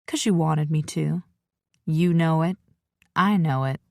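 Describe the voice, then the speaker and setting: Casting: woman doing a possessive biker man in an audiobook, low voice, dry close sound. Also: a little slow, vocal fry, no room sound. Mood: firm.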